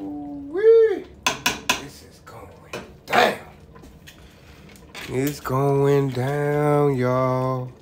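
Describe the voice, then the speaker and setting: This is a relaxed home cook vlogger, casually presenting his cooking and calling his audience "y'all." His voice sits in the mid range. The roomy kitchen carries faint background ambience and a bit of noise.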